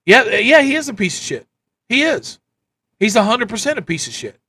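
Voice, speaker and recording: A man running a live stream with a high, bright voice. He rants blunt political commentary, repeating his points. The delivery is casual and hard-hitting. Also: big pitch swings, moderate pace, husky. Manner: ranting, repetitive, blunt. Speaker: livestream host.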